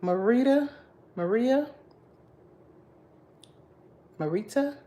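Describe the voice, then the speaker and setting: A woman's voice: fairly high pitch, expressive, dark tone. A tired woman hosting a casual livestream, greeting viewers by name in a playful, sing-song way. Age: has a grown daughter. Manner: sings out greetings, drawn-out and playful. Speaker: livestream host.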